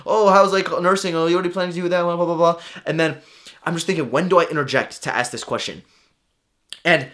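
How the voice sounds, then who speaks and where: A young man telling a story in a casual, animated way, acting out his own thoughts as he goes. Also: on the high side. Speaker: vlogger.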